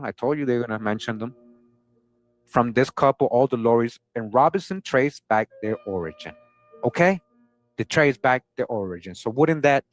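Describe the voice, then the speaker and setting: A man hosting a history channel, casually talking through old sources and often asking his viewers "right?". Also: mid-range voice. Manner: conversational, keeps asking "right?", chuckles often.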